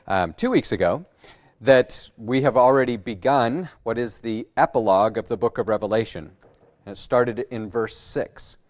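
A male pastor gives a sermon in a medium-pitched voice. He talks plainly to his congregation, stopping on "uh" and going back over his own phrases as he explains scripture. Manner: conversational, with frequent "uh" fillers and restarts.

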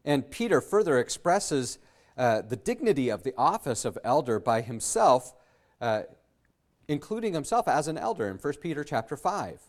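A man's voice: mid-range voice, big pitch swings. Earnest male pastor preaching. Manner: earnest teaching tone, rising to emphatic peaks; halting with frequent fillers and restarts. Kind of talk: sermon.

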